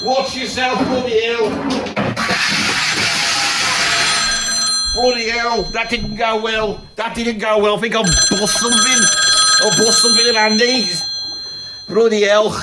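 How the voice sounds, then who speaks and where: A man's voice: high voice, fairly even intonation, moderate pace, heavy background noise, natural voice. A man playing a rambling Birmingham bloke who swears constantly, in a comedic monologue sketch, with a Birmingham accent. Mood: flustered. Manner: rambling, peppers every line with "bloody". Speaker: comedy character talking about music.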